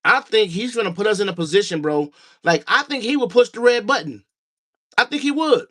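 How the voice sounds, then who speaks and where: A fairly quick, animated man with a high and a bit bright voice hosts an easygoing stream in his home basement studio. No mic is used, just room sound, and he's slightly breathless as he talks to his chat and his dog.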